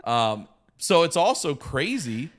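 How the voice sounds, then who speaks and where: A middle-aged man telling a story casually in a studio, animated and profane. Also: a little high, slow, background noise. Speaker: comedian and podcast guest.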